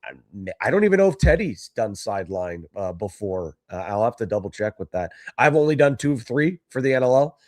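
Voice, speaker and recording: A man appearing as a guest on a sports talk show, a lacrosse broadcaster who speaks in a measured, articulate way. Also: fairly low pitch, big pitch swings, darkish tone, no room sound.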